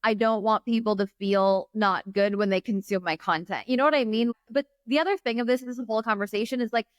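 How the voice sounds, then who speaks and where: Woman guest, business mentor, reflective casual talk, clean resonant tone, mid pitch. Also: brisk, dry recording, studio quality. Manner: reflective, earnest, filler-heavy with "like". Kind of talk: casual interview chat.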